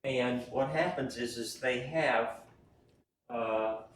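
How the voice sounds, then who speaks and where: A man's voice: medium pitch, slow pace, slight background noise. Folksy man lecturing in an echoey classroom. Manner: folksy, keeps checking in with "right?" and "okay?". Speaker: anatomy instructor. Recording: echoey room, voice from far off.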